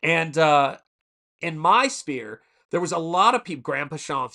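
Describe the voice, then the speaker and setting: A man's voice: on the high side, lively intonation, a little slow, bright, forceful tone. A man in his forties hosting a casual live stream, telling rambling stories and stopping to answer the chat. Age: 40s. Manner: rambling storyteller who answers chat mid-story.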